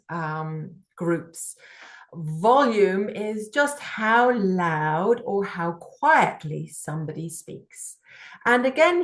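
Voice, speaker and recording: A woman voice coach explaining her subject slowly and deliberately, with frequent pauses. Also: medium pitch. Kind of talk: teaching monologue.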